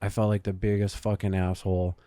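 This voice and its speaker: A man's voice: sits low, level tone, brisk, dark tone, no room sound. A man hosting a podcast, telling a story in casual chat, swearing often and using lots of fillers. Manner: profane storytelling, swears a lot, many fillers. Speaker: podcast host.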